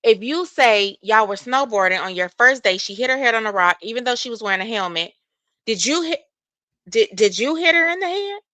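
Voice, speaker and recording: A woman talking casually on a livestream with a bright, forceful edge to her voice. She reads messages aloud and comments on them straight to her viewers. The sound is dry and close, with little room around it. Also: on the high side, animated, fairly quick, dry recording. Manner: reads text messages aloud and reacts with opinion; addresses viewers directly as y'all.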